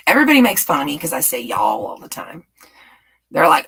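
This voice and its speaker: Woman streamer, light Southern US lilt, raspy with vocal fry, gushes and laughs a lot. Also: low voice, very animated, unhurried, long pauses, fairly bright tone, whispered, poor audio. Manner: chatty, gushing, laughs often. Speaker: YouTube live-stream host. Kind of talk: casual live-stream chat answering viewers. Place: home in Texas.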